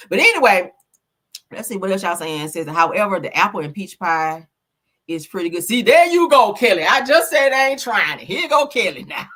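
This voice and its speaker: A woman hosting a casual gossip livestream, loud and profane, laughing often as she reads viewer comments aloud and reacts to them. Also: medium pitch. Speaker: livestream gossip host reading chat. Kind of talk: casual chat.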